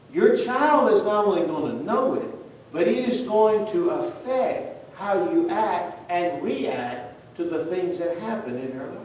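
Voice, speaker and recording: Earnest preacher in an echoey church. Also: male voice, darkish tone. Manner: earnest storytelling with direct questions to the congregation. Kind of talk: sermon. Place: church sanctuary. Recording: very echoey church, voice from far off, faint rumble.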